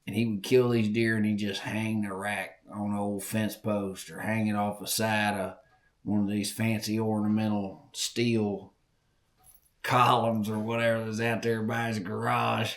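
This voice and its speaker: A man from Southern Virginia with a Southern accent, hosting a podcast and telling hunting stories in a folksy, animated way. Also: on the low side, unhurried. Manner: folksy, animated, repeats words while telling a story. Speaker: podcast host. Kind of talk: casual storytelling.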